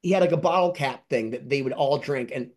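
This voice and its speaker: A man telling excited, rambling anecdotes as an interview guest and collector, acting out other people's lines in high voices. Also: brisk. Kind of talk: casual storytelling.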